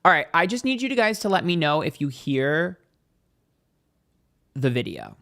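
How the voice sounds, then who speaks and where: A man's voice: a little high, sing-song, moderate pace, gravelly, fairly bright tone. A man in casual vlog chat, telling a story with lots of "like" and acted-out reactions. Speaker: tarot reader and YouTuber.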